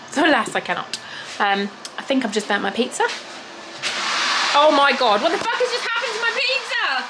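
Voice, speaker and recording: A frank, chatty woman in her thirties talks to her phone camera at home, swearing freely. Her voice sits a bit on the high side. Household noise comes through clearly behind her. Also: sharp tone, rough recording. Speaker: vlogger. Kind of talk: casual chat. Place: family home, kitchen.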